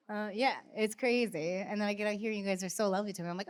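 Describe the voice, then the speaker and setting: A woman's voice: medium pitch, fairly even intonation, quick pace, clear, resonant tone. A woman in her thirties co-hosting a podcast in casual chat, bubbly and laughing often as she acts out quotes. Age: 30s. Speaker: podcast co-host.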